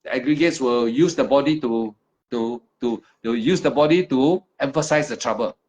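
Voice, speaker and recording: A man's voice: mid-range voice, moderate pace, a little mellow. A man teaching meditation one-on-one, speaking in short, emphatic, repeated phrases of simple broken English. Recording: dull lo-fi recording.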